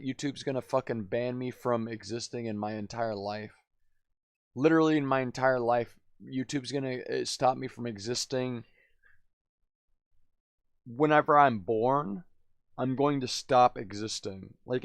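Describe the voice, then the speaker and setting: A male streamer rambles through a story in loose, slangy talk, tacking "dude" and "man" onto nearly every sentence. His voice has a gravelly fry at mid pitch, and the sound is dry and close with no room around it. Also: normal speed, dry recording. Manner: laughs often, drifts loud then quiet. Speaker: live streamer.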